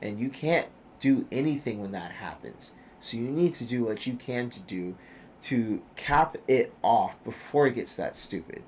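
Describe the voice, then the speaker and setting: A man's voice: mid-range voice, expressive, a little slow, a little hiss or hum. A man, a former pro soccer player, guesting on a podcast and talking casually with emphatic, profane conviction. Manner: profane, emphatic, preachy when serious. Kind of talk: casual chat.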